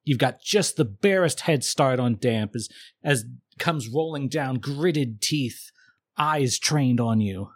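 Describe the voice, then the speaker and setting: A man's voice: mid-range voice, expressive, slow, no echo. A man narrating as game master, playful and descriptive.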